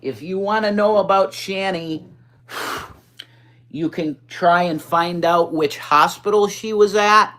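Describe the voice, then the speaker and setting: A man hosting a casual livestream, chatting with viewers and reading comments in a blunt, profane, rambling way. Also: slow. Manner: blunt, profane, chatty, swings up in pitch when excited. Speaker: livestream host. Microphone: phone.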